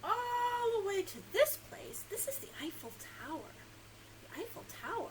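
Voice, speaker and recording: A woman librarian with a very high voice reads a picture book to young kids at a moderate pace. She is animated, coaxing her little listeners with questions and laughing frequently, while background noise sits behind her.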